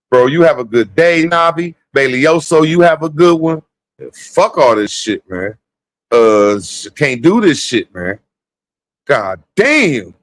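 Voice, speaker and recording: A man's voice: mid-range voice, no room sound, poor audio. A man hosting a live stream panel, ranting in an exasperated, profane way and calling listeners "bro" and "man.". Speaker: stream host. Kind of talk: heated livestream debate.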